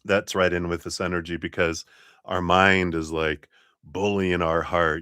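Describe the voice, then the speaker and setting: Low-voiced man giving a rambling tarot reading. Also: flat delivery, a little slow, bright, forceful tone, clean tone, dry recording, clean studio sound. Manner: rambling, laughs often, many fillers. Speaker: tarot reader. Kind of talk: casual livestream tarot reading.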